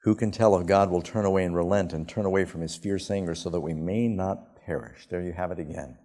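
A male pastor preaching a sermon, telling the story emphatically and with sudden rises in pitch. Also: fairly quick, mellow. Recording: long hall reverb.

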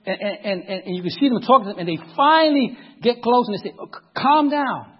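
A man's voice: sits high, lively intonation, fast, husky, muffled recording. A middle-aged man telling a story in a sermon, dramatic and often checking that his listeners are following.

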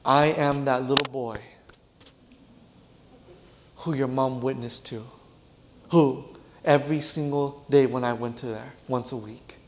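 A preacher acting a solemn, hushed missionary man. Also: medium pitch, fairly even intonation, a little slow, pauses often, big-room sound, voice pushed down, close to an everyday voice. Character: solemn African missionary man, grave and low.

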